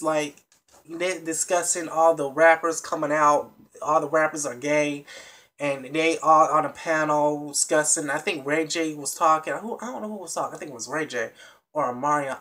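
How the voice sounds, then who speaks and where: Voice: medium pitch, a bit bright. Blunt, profane vlog reviewer. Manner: talks straight to viewers. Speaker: TV show reviewer. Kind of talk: casual vlog recap.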